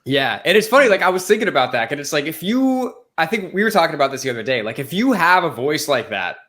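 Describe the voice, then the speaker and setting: A man from the United States talks casually as a podcast co-host. His voice sits a little higher than most men's. He is loose and joking, with frequent swearing. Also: very animated, quick pace, a bit bright.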